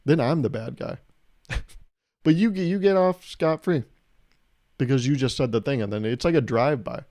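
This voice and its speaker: A man's voice: mid-range voice, normal speed. A man hosting his own podcast, telling comedic stories with lots of swearing and acting out both sides of conversations. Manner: animated, profane, acts out both sides of conversations. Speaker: podcast host. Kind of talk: comedic solo podcast storytelling.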